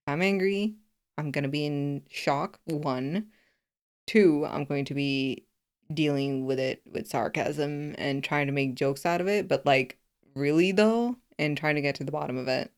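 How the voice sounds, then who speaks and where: Female co-host, slightly low pitch, chatty and expressive, laughs easily. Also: unhurried, smooth. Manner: expressive and laughing, talks things through aloud. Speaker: podcast co-host. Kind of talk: casual chat.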